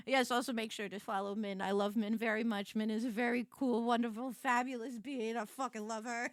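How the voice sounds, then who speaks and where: A young woman streamer in casual live chat, excitable and sweary, often breaking into laughter and shouts. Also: fairly high pitch, normal speed, no echo, studio quality.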